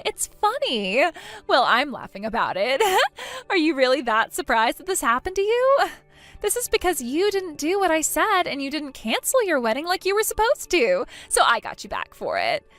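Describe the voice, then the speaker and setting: A woman's voice: high voice, huge pitch swings, moderate pace, a bit bright, soft background music, heavily acted. A woman voicing a spiteful, jealous young sister of the groom who mocks and whines in a voiced text-story drama. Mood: mocking. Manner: mocking, whiny, petulant.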